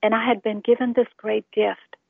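A woman's voice: fairly high pitch, level tone, moderate pace, gravelly, husky, no room sound. A woman giving an earnest, heartfelt personal testimony about her faith. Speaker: testimony speaker. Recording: tinny phone-line sound, dry.

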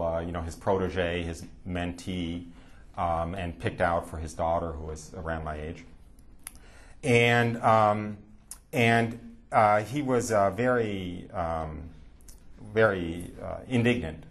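A man with a somewhat low, husky voice tells a story to an audience. He hesitates often with fillers and restarts, then livens up when he quotes other people. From United States. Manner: hesitant, many fillers, animated quoting. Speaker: speaker at a talk. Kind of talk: storytelling talk with Q&A.

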